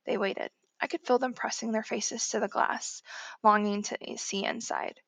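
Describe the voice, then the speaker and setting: A woman reading a novel aloud in the first person, measured and steady. Her voice is fairly high with a noticeable gravelly fry, and the recording is close and dry. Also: no room sound. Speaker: audiobook narrator. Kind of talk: first-person audiobook narration.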